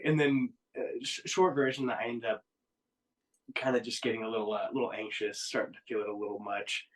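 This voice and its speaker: A man's voice: mid-range voice, brisk, recorded from a distance, low-quality recording. A man in a band telling a tour story in casual podcast chat, laughing and acting out quotes with a raised voice. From Oklahoma. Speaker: band member, guest.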